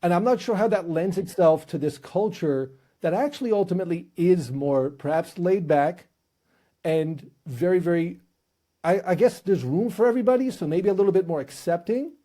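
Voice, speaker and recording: Brief: male interview host, high and mellow voice, humorous storytelling. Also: normal speed. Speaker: podcast host. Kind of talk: casual interview chat.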